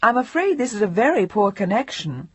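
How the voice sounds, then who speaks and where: A woman's voice: a little high, very animated, brisk, slightly rough, voice pushed up. A woman narrator voicing a polite, puzzled older woman answering the phone.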